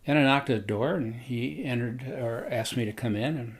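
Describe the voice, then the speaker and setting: A man recounting a personal story in a relaxed, conversational way. He rambles a bit and fills gaps with hesitations, in an ordinary mid-range voice. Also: mid-range voice, husky. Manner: unhurried, rambling, with frequent hesitations.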